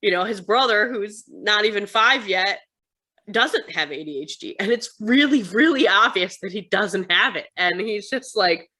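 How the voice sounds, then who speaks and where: A woman from the United States, a guest in a casual interview, telling stories in an animated way and acting out the voices of others. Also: mid-range voice, moderate pace. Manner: animated storytelling, acts out her sons' voices. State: tired.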